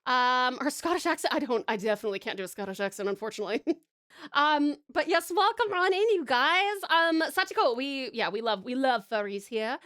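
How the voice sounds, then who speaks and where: A woman's voice: high voice, animated, fairly quick, a bit bright. An Australian woman streaming live, chatting casually with viewers and gushing over their art, with lots of ums along the way. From Tasmania, Australia. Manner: bubbly, gushing, many ums. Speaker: streamer and artist.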